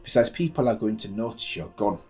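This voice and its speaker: A man's voice: on the low side, animated, brisk, a little mellow, close to an everyday voice. A man voicing a shy, anxious young girl mage, speaking meekly and pleading, read aloud. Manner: meek, pleading.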